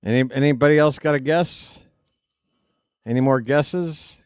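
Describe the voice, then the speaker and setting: A man's voice: mid-range voice, unhurried, smooth, dry recording. Dry, sarcastic man hosting. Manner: sarcastic, mocking. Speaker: host. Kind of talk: live stream commentary over a replayed clip.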